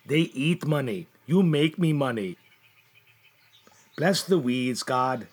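A man's voice: medium pitch, expressive, slow. A man performing a comedic gardener, who mutters to himself anxiously and talks fondly to his plants. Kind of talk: comedy sketch monologue.

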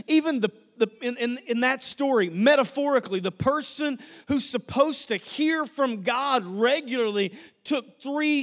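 A man's voice: very high-pitched, fairly bright tone. A male pastor preaching a sermon in a church, telling stories with humor and repeating phrases. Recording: long reverb of a large hall.

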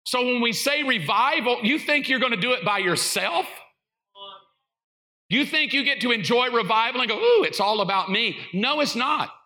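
A middle-aged male pastor telling funny stories in a sermon, animated and acting out quotes. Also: very high voice, normal speed. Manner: animated, jokey, acts out quotes. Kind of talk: comedic sermon storytelling.

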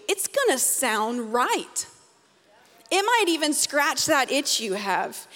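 High-voiced woman preaching in a hall. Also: a bit bright. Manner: humorous, conversational preaching with quick asides. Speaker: conference speaker. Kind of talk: youth sermon. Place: large event hall. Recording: reverberant hall.

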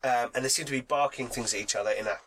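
A man's voice: mid-range voice, racing, a bit bright, a little hiss or hum, low-quality recording. A man with a cold, narrating a tabletop game as game master, chatty and laughing as he describes scenes. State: has a cold.

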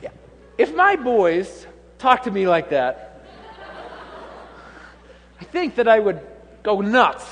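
A man's voice: sits high, big pitch swings, slow pace, long pauses, a bit bright, slight background noise. Man, 30s, pastor, conversational sermon, light-voiced, echoing church hall. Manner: humorous, conversational, with laughing asides. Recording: long hall reverb.

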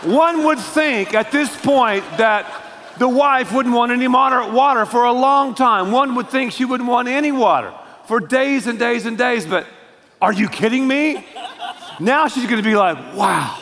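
High-voiced guy preaching, lots of jokes, big echoey church hall. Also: moderate pace, a little hiss or hum. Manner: animated, joking, addressing the congregation. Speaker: pastor. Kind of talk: sermon.

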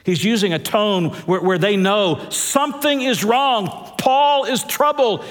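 Male pastor, sermon, high-ish voice, long hall echo, stretched emphatic words. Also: a little slow. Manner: preaching with big swings of pitch, stretched words for emphasis. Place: large church hall. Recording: echoey church hall.

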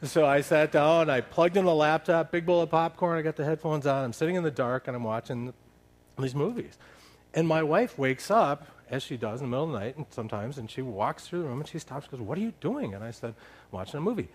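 A man's voice: a little high, fairly quick. Man telling a funny story from the pulpit. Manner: animated, laughing storyteller. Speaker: church leader sharing a story. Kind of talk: humorous storytelling in a sermon.

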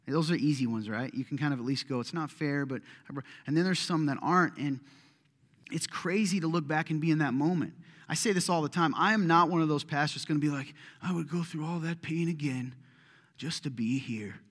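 A man's voice: a little high, fast talker, fairly bright tone. A middle-aged man preaching a sermon as a pastor, conversational and impassioned, acting out prayers and complaints aloud.

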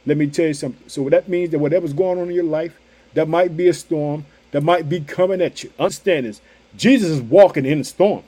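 Emphatic high-voiced man preaching. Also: animated, brisk, husky. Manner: emphatic, repeats catchphrases, swings between loud outbursts and hushed asides. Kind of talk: sermon.

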